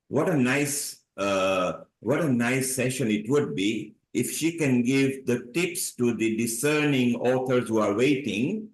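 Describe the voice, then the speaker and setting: A man's voice: mid-range voice, echoey room, poor audio. A man hosting an online panel, speaking in an effusive, praising manner. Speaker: host. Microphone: video call.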